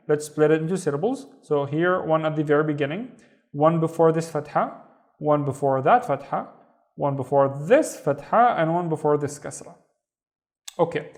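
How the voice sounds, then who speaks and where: A man teaching a beginner reading lesson, patiently breaking words into syllables and sounding each one out slowly. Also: fairly high pitch, darkish tone. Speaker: Arabic teacher.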